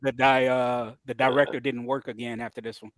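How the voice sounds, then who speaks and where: A man's voice: medium pitch, level tone, a little fast. A man on a panel in casual banter, easygoing and a little hesitant as he gives his view.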